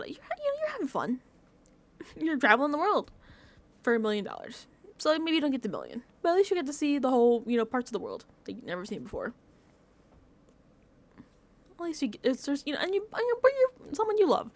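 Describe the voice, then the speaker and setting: A woman with a slightly high voice talks through a reality show recap in a loose, conversational way. She tells stories with animated swings, and her lines are full of fillers and bursts of laughter. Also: a little fast. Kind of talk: casual recap chat.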